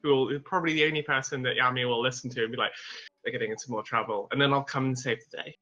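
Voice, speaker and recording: A man's voice: medium pitch, fairly even intonation, racing, pushed and bright, dull audio. A man playing a tabletop game, describing his character's actions in a profane, laughing, rambling way. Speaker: player.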